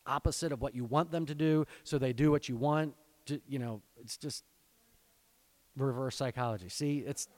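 At a normal speed and with a darkish tone, a man preaches as pastor, reading and expounding scripture with earnest exhortation. He speaks straight to parents, building to fervent pleas before his voice sinks low.

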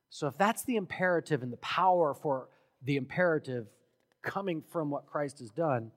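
A man preaching a sermon as pastor, emphatic and building to loud exhortation. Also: mid-range voice. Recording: long hall reverb.

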